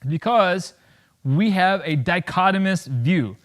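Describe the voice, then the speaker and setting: A man in his thirties speaks to an audience as a veteran, blunt and joking. His voice sits a little high for a man. He acts out the conversations he tells about, and his loudness swings widely between them. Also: animated, slow. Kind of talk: public talk to an audience.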